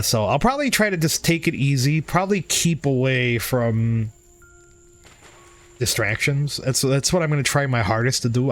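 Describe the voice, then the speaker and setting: A man hosting a livestream and chatting candidly with viewers, swearing freely and being hard on himself. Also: medium pitch. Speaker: livestream host. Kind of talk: casual stream chat.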